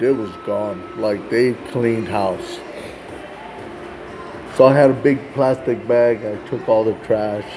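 A man telling a personal faith testimony in a casual way, often tagging sentences with "man". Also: mid-range voice. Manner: casual, ends phrases with "man". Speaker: Christian storyteller.

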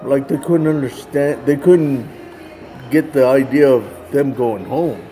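Laid-back guy telling his faith story, keeps saying man, mellow tone. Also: medium pitch, measured pace, soft background music. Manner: casual, ends phrases with "man". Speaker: Christian storyteller. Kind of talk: personal testimony.

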